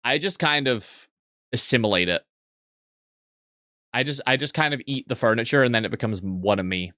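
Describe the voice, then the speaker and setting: A man's voice: mid-range voice, animated, pushed and bright, no room sound, studio quality. Chatty, swearing young man streaming. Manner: chatty, swears freely, quick asides and restarts. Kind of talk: casual live-stream chat, reading chat aloud.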